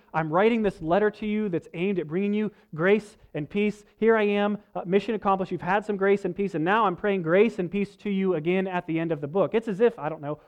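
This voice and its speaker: A man's voice: sits high, darkish tone. A man preaching a sermon, earnest and conversational, with folksy asides. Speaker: pastor. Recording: slightly dull, lo-fi sound.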